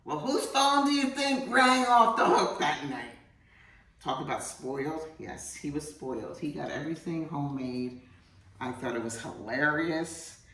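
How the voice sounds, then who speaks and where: Middle-aged woman, cooking show host, chatty and self-mocking, roomy distant sound. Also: sits low. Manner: chatty, jokey, talks straight to viewers as "guys". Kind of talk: casual cooking demonstration. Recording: roomy, distant from the mic, faint hum.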